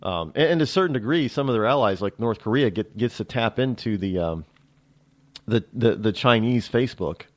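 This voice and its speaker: Animated American talk radio host. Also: male voice, fairly low pitch, a little fast. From United States. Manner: rambling, emphatic, many restarts and asides. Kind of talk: political talk radio monologue.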